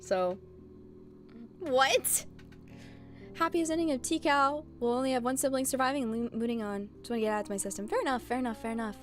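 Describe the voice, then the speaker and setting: A woman streamer chatting casually with her viewers, animated and blunt, laughing often. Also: sits high, fairly quick, faint music behind.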